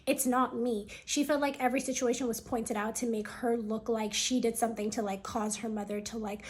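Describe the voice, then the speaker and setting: A woman with a somewhat high voice narrates a family story in a relaxed storytime manner. She talks like she's chatting with a friend, sprinkling in casual fillers. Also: fairly quick.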